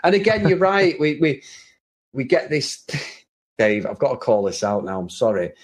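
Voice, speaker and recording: A man co-hosting a casual film review chat, animated and often laughing, with mock-serious asides. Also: mid-range voice, moderate pace. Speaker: podcast co-host.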